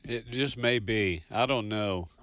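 A man's voice: lowish voice, slow, fairly bright tone. A man co-hosting a radio trivia show, greeting callers and asking questions. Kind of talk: casual radio chat.

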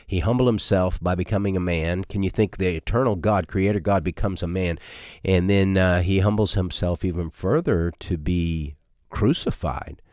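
Low-voiced pastor with folksy delivery. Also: male voice, a little mellow, dry recording, clean studio sound. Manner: conversational, folksy preaching with frequent fillers. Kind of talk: sermon.

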